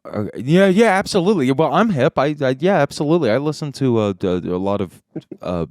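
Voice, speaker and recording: A man co-hosting a casual comedy podcast, joking and swearing, often cutting into quick asides. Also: mid-range voice, big pitch swings, darkish tone, no echo, clean studio sound. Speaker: podcast co-host.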